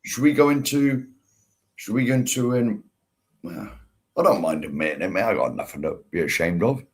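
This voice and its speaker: A man's voice: lowish voice, expressive, normal speed, breathy edge. A man co-hosting a casual chat show, telling blunt stories and laughing at himself. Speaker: podcast co-host.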